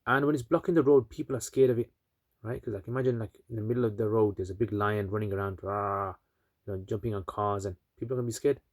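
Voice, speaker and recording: A man's voice: on the low side, fairly even intonation, fast, a little mellow, dry recording, clean studio sound. A man casually retelling a religious story, chatty with many asides and fillers.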